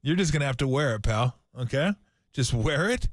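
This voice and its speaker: A man's voice: medium pitch, lively intonation, a little fast, dry recording. A man co-hosting a sports radio show, ranting emphatically in a mock-grumpy way during casual studio banter. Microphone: studio microphone.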